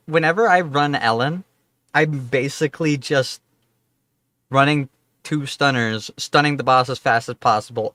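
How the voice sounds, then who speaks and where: A man's voice: medium pitch, sharp tone, no echo. A man streaming a game, chatting casually in a rambling, profane, offhand way. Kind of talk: casual livestream chat.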